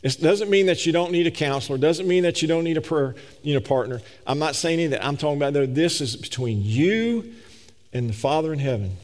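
A man's voice: lively intonation, a little mellow. Man preaching in a reverberant hall. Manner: rising to emphatic peaks, then dropping low and slow for scripture. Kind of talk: sermon. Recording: long reverb of a large hall.

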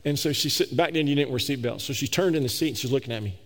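A middle-aged man preaching a sermon, telling a personal story in a folksy, animated way full of repetitions. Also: medium pitch, rapid-fire, long reverb tail. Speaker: pastor.

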